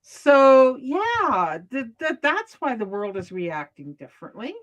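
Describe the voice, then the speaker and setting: A woman talking in a casual opinion chat, halting and restarting often, with frequent laughs. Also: high voice, big pitch swings.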